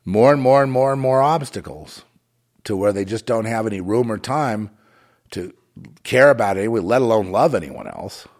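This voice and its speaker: A man's voice: lowish voice, lively intonation, normal speed, a little mellow. A man delivering a rambling, moralizing monologue with a sardonic, digressive way of talking.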